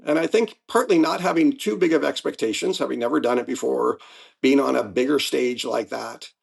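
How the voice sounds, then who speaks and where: A man in his seventies, a guest athlete in a casual interview, telling his stories in a lively way and acting out moments. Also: mid-range voice, a little fast, vocal fry, breathy edge. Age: 70s. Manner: lively storyteller, acts out race moments.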